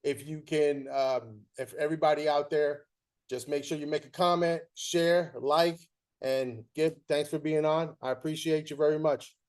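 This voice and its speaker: A man's voice: fairly high pitch, fairly even intonation, normal speed. A man hosting a show, animatedly telling a story and thanking his guest. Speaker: show host. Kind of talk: casual interview, storytelling.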